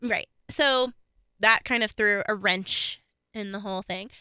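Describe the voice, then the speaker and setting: Bright, clear-voiced young woman chatting. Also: medium pitch, unhurried, no echo. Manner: chatty, lots of fillers and laughter. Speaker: true crime podcast co-host. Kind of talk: casual chat.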